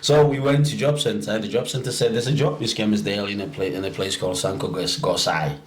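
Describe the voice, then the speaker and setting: A man from Africa, telling stories in a casual podcast chat, animated and quick to laugh, often repeating words as he starts a sentence. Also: fairly low pitch. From South Africa. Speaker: podcast guest. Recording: roomy echo.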